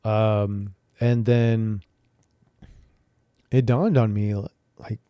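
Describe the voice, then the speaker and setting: A man's voice: fairly low pitch, steady tone, extremely slow, clear, resonant tone, no echo, muffled recording. A young man hosting a podcast, candidly telling a personal story in a rambling way, with many fillers and restarts. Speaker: podcast host.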